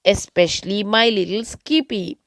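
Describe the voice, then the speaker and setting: A woman's voice: mid-range voice, normal speed, fairly bright tone, dry recording, close to an everyday voice. A woman voicing a kindly, cheerful toy skittle mother in a storybook.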